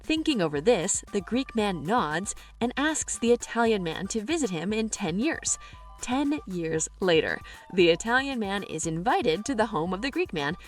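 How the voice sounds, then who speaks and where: A woman's voice: medium pitch, big pitch swings, moderate pace, faint music behind. A woman narrating jokes in a scripted, storytelling style, lifting her voice for quoted characters. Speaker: joke narrator.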